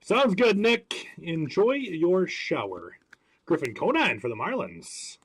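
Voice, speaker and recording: A man's voice: on the high side, big pitch swings, slow pace, breathy edge. A man hosting a live card break stream, chatting with viewers by name as he calls out each card pulled. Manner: chatty, greets viewers by name while calling out cards.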